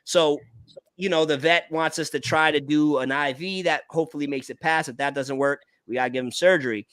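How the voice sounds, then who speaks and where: An American man hosting a casual talk. He tells animated personal stories, often restarts his words and calls people "bro". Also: fairly high pitch, brisk, clear, resonant tone, no echo. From United States. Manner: animated storytelling, repeats words, says bro. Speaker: podcast host. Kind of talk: casual conversation.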